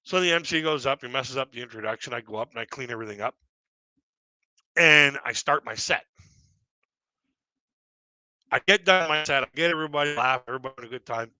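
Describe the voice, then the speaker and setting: Canadian guy rambling thru comedy stories, really bright voice, dry close sound. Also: medium pitch, brisk, pauses often, no room sound. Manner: rambling, self-deprecating, laughs at his own jokes. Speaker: stand-up comedian. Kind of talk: stand-up storytelling on a live stream.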